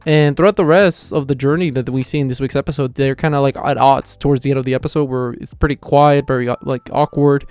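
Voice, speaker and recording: A man's voice: mid-range voice, fairly even intonation, fast talker, hardly any pauses, a little mellow, clear, resonant tone, no echo. A man casually reviewing an anime episode, retelling the plot in a loose, chatty way.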